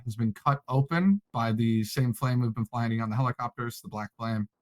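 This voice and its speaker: Casting: mid-pitched man, dry close sound, relaxed lore recap for fellow players. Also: dry recording, rough recording. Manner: easygoing, measured recounting. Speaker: player recounting the story lore. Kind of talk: storytelling recap in a voice chat.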